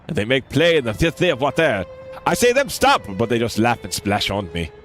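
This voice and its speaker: A man puts on a fussy male bug brewer from a video game, talking in clipped, broken English with a hammy mock French accent. The voice swoops widely in pitch. Faint music plays underneath. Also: sing-song, moderate pace, a bit bright. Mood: worried.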